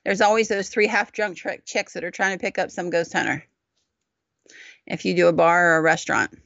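A woman co-hosting a podcast, chatting casually and telling animated stories about paranormal investigations. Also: a little fast, vocal fry, no room sound, lo-fi sound. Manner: animated, acts out quotes in high voices. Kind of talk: casual chat, storytelling.

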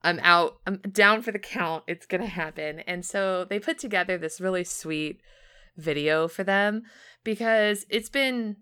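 A woman's voice: medium pitch, unhurried, sharp tone, smooth. A young woman co-hosting a podcast, telling a story in casual chat with lots of fillers and acted-out quotes. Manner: chatty storytelling, many fillers, acts out quotes. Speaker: podcast co-host.

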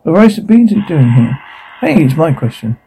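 A man's voice: on the high side, big pitch swings, fairly quick, gravelly, mellow, a little hiss or hum, rough recording. An actor playing a brash young man who throws parties and schemes, with crude, swaggering banter. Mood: scheming.

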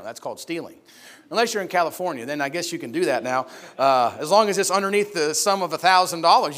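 A middle-aged man from upstate New York delivers a sermon as a lively personal story. His voice sits fairly high for a man. He swings between loud, shouted lines for the people in his story and quiet, hushed passages when things turn serious. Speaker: preacher.

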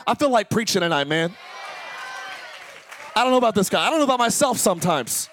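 A male pastor preaching an impassioned sermon that swings between fast talk, slow drawn-out words and shouting. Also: very high-pitched, animated, no echo. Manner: impassioned preaching, often shouting, sudden speed changes. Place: church service.

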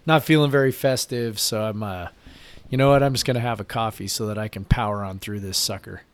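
A man's voice: on the low side, brisk, clean tone. Tired, frustrated male co-host. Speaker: podcast co-host. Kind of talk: casual chat. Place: home basement.

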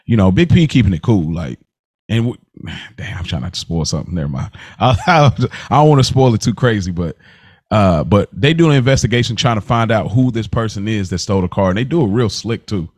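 Laid-back slangy man, low voice. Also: lively intonation, a little mellow, no echo. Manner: laid-back, slangy, laughs often, quick restarts. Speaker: podcast co-host. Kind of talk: casual chat reviewing a TV episode.

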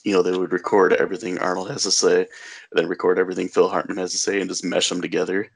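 A man's voice: low voice, level tone, racing, creaky, husky. A man hosting a podcast, chatting casually about a film with fillers and easy laughter. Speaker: podcast host. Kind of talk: casual movie discussion.

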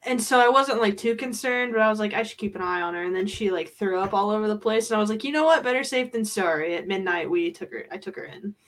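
A woman hosting a podcast in casual chat, excitable and quick to laugh. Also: medium pitch. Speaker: podcast host.

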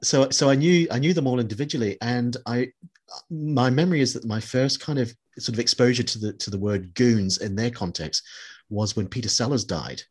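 A man's voice: mid-range voice, a little fast, slightly rough. A middle-aged man from New Zealand chatting reflectively, with many fillers and restarts. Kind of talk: casual chat.

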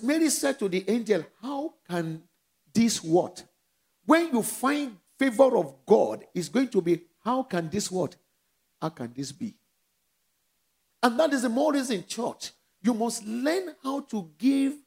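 Gravelly Nigerian-accented preacher. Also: male voice, very high voice, a little mellow. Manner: call-and-response preaching, rising and dropping in volume. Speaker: pastor. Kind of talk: sermon.

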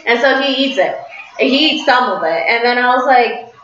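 A woman chatting casually with a friend, animated and sarcastic, acting out what people said. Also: fairly high pitch, brisk, faint music behind. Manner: animated storytelling, acts out quotes, sarcastic. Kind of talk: casual chat. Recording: slightly roomy, dull lo-fi audio.

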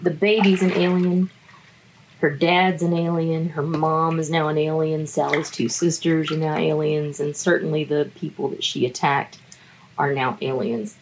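Low, slow-talking woman chatting wryly. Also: little pitch movement, noisy background. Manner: chatty, wry, laughs often. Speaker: book reviewer. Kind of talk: casual book review chat.

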